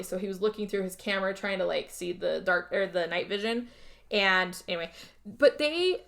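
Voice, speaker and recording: A woman hosting a podcast who casually recaps a movie plot, rambling, swearing and checking in with her listener. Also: mid-range voice. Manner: chatty, rambling, swears, keeps checking in with "okay?". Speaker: podcast host.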